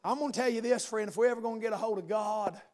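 High-voiced preacher shouting sermon. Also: male voice, very fast. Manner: calls out "amen" often, chants and shouts rhythmically. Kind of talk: fiery revival sermon.

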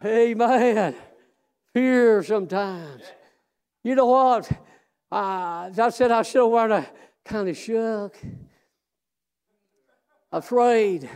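A man preaching a fervent sermon in a strikingly high voice. He talks slowly in folksy, plain speech and drags out his words. He breaks often into shouts and long, drawn-out exclamations. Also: smooth.

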